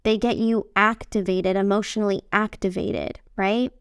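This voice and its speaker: A woman podcast host and business coach talking casually on her own, candid and swearing freely, slowing down and speeding up as she talks. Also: medium pitch, smooth, no echo, studio quality. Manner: lively delivery that swings from fast bursts to slow, stretched phrases. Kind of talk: casual solo podcast talk.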